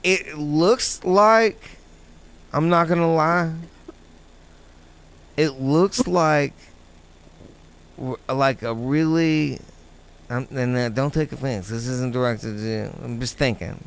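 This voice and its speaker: A man's voice: mid-range voice, takes it slowly, vocal fry, pauses often. Crude, rambling male talk show host. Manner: rambling, profane, hesitant. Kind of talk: crude casual chat.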